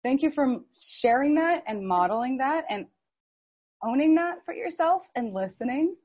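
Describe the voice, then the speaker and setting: A woman's voice: high voice, lively intonation, moderate pace, slightly rough, muffled recording. A woman facilitating a group, affirming a member's sharing.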